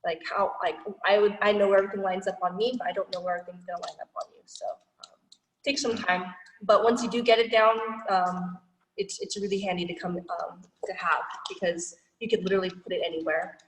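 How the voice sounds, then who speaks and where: A woman's voice: mid-range voice, fairly even intonation, fairly quick. A woman teaching a martial arts class over a video call, chatty and loose, full of fillers, acting out what people say. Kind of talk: online class instruction. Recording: roomy, echoey, far from the mic.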